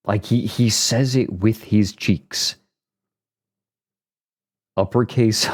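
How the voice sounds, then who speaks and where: A male streamer chatting casually, joking, reacting out loud and reading aloud from a web page. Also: lowish voice, steady tone, slow pace, long pauses. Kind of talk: casual livestream chat. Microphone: streaming mic.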